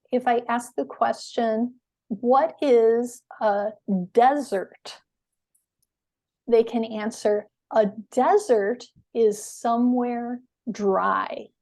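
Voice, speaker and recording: A woman teaching English in a webinar, explaining words slowly and patiently with clear stress. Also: a little high, dark tone.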